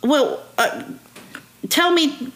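A woman from Alabama, co-hosting a podcast in animated, teasing casual chat. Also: sits high, extremely slow, a little hiss or hum. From Alabama, USA. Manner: animated, teasing, laughs often. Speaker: podcast co-host.

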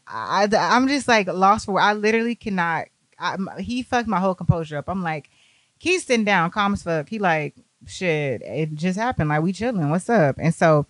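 A woman tells a casual, profane story, her pitch leaping up and down as she acts out everyone's lines with animation. Her voice is mid-range, and the recording is dry and close with no echo.

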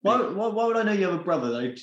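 A man chatting with friends on a podcast, loud and teasing. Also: sits high, very animated, very fast, reverberant, lo-fi sound. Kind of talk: casual chat among friends.

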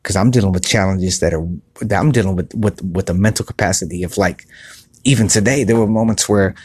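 A man hosting a podcast, giving earnest, repetitive motivational talk in a soft voice, recorded on his phone outside on a patio. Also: sits low, a little fast, breathy edge, no echo. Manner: earnest, repetitive, restarts often; speaking softly. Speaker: podcast host. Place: outdoor patio by a pool at night.

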